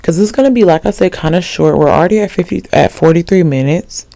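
A woman's voice: fairly low pitch, fast, gravelly, mellow, dry recording. A woman in her twenties hosting a solo podcast in a rambling, slangy chat full of asides and fillers. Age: 20s. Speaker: podcast host.

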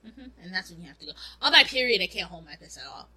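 A woman's voice: on the low side, lively intonation, fast, sharp tone, poor audio. A young woman co-hosting a podcast, talking candidly in a rambling, casual way and swearing freely. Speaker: podcast co-host. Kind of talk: casual chat.

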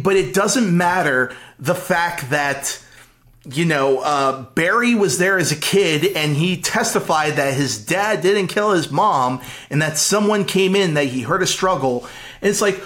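A man co-hosting a casual movie podcast, talking excitedly with frequent stammered restarts. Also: a little high. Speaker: podcast co-host. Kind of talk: casual movie review chat.

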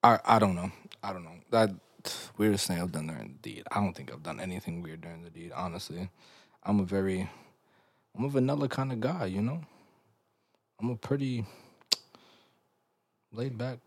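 A young man hosting a podcast, telling stories in a loose, animated way full of slang and laughs. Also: deep voice, moderate pace, pauses often, dry recording. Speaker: podcast host. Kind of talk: casual podcast chat.

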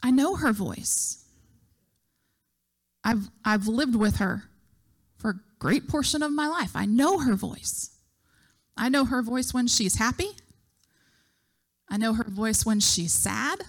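A woman's voice: on the high side, expressive, slow pace, pauses often. A middle-aged woman preaching a sermon, telling a story and acting out the voices she quotes.

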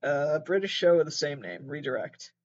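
Man, high voice, rambling, sarcastic, self-deprecating, muffled home mic. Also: very animated, normal speed. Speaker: host. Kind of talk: casual commentary, reading aloud. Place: sitting on a mattress at home.

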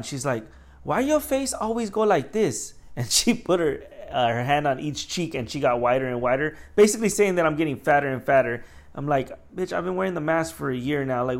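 A young adult man, a store manager, casually telling work stories in an animated way, acting out the people he quotes with a raised voice and swearing freely. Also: medium pitch. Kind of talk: casual storytelling vlog.

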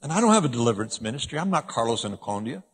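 A man preaching a sermon in a church, animated, swinging between loud emphasis and hushed asides. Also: mid-range voice, racing, slightly rough, big-room sound.

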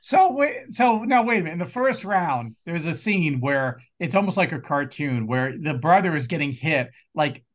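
A man's voice: a little high, animated, normal speed, few pauses. A man co-hosting a movie-review podcast, joking around in casual chat and laughing a lot. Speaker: podcast co-host.

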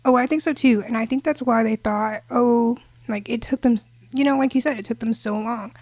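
A woman's voice: fairly high pitch, normal speed, darkish tone, no room sound. A woman co-hosting a podcast, talking in a casual, emphatic and impassioned way. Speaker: podcast co-host.

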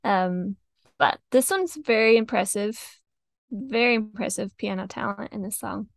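A young woman chats easily about music, laughing often and filling her talk with "like". Her voice carries a gravelly fry and sits close on a dry mic. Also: medium pitch, measured pace, no room sound. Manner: chatty, giggly, lots of "like". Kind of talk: casual chat reviewing songs.

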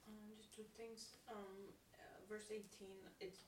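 A woman sharing in a casual Bible study discussion, hesitant with many pauses. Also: medium pitch, level tone. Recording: distant mic in an echoey room with faint noise.

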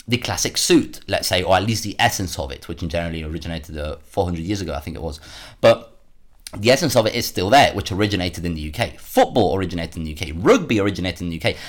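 A man hosting a solo commentary podcast, worked up and sarcastic, often repeating words as he rants. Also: low-pitched. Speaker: podcast host.

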